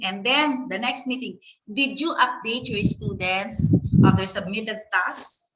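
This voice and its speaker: A Filipino-accented woman leads a training session for teachers, her voice bright and forceful. She talks at an unhurried pace and keeps asking the room questions, punctuating them with "okay". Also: medium pitch, poor audio. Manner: rhetorical questions, frequent "okay". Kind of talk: conference lecture.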